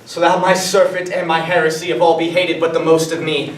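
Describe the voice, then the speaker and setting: Brief: student actor as ardent young lover, light tenor, distant roomy stage sound. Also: male voice, fairly high pitch, level tone, fairly quick, slight background noise, lightly acted. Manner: earnest, wooing verse delivery. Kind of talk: school stage performance of verse. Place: theatre workshop room. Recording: echoey room, from far off.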